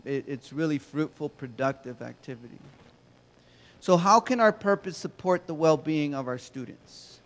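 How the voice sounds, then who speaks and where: A man giving a conversational, storytelling keynote talk to educators, asking the audience questions, heard with a long hall reverb. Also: a little high. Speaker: keynote speaker.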